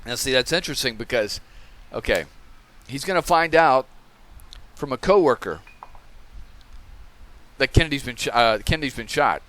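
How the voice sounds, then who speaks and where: A man's voice: mid-range voice, expressive, moderate pace, a bit bright. A man hosting a channel, giving casual commentary on old testimony and often tagging his points with "okay?". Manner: conversational, tags remarks with "okay?". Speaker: channel host reviewing testimony.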